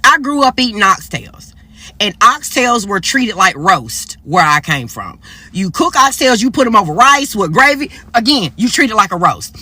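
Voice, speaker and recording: A woman's voice: medium pitch, moderate pace, slightly rough, no room sound. A woman from upstate South Carolina, giving emphatic, playful commentary to camera. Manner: animated, emphatic, playful slang.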